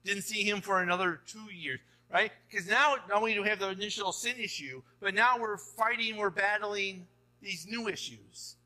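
A man's voice: high-pitched, normal speed, pushed and bright. A man preaching a sermon as pastor, talking to the congregation in a conversational way and often tossing in "right?" before building to emphatic urging. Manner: rising to emphatic exhortation.

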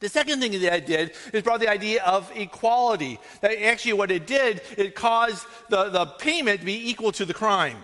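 A man's voice: sits high, normal speed, hardly any pauses, pushed and bright. A man preaching a sermon as pastor, talking conversationally and often checking in with "right?". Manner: conversational, frequent "right?" asides. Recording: long hall reverb.

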